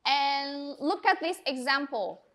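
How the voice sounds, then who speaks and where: Bright, high-voiced woman teacher. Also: expressive, slow. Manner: encouraging, clear and instructive. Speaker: English teacher. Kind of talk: classroom teaching. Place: classroom.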